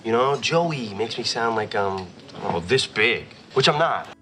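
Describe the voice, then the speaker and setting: A man's voice: medium pitch, animated, unhurried, background noise, lightly acted. An actor playing a chatty, easygoing young sitcom guy. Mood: joking. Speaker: sitcom character. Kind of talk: sitcom acting.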